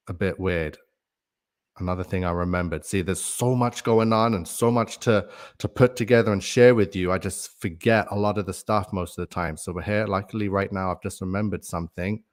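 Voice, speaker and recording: A man hosting a casual livestream, rambling in a conspiratorial way and reading out viewer comments between his own thoughts. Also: fairly low pitch. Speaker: livestream host.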